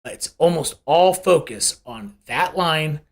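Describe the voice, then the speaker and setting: Animated, chatty live-show chart analyst. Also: medium pitch, measured pace, creaky. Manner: conversational and rambling, with self-corrections; uses homely analogies and rhetorical questions. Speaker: host of a live crypto price analysis show. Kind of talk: casual live chart commentary.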